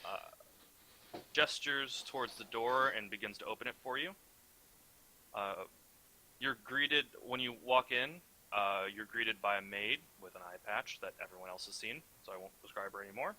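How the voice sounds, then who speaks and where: A young man narrates a tabletop role-playing session as game master. His voice is very bright, and he hesitates often, filling pauses as he describes scenes and explains rolls. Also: on the low side, poor audio. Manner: hesitant, filler-heavy narration.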